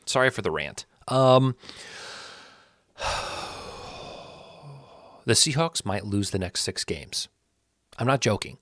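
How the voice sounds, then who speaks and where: A man with a low voice talks through his picks in a casual solo commentary, correcting himself as he goes and growing animated when he rants. The sound is close and dry. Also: slow pace, long pauses, dry recording. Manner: rambling, self-correcting, animated when ranting. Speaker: sports channel host.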